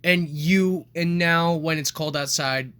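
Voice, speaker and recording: A man's voice: on the high side, slow pace, a bit bright, clean tone. A young man co-hosting a podcast, teasing his friend with profane banter in casual chat. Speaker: podcast co-host.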